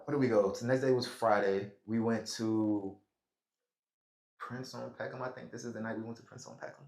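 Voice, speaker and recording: A man's voice: on the low side, steady tone, fairly quick, vocal fry, darkish tone. An American man hosting a podcast, telling a long story in a rambling, slangy way and laughing often. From United States. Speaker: podcast host. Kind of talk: casual storytelling. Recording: echoey room.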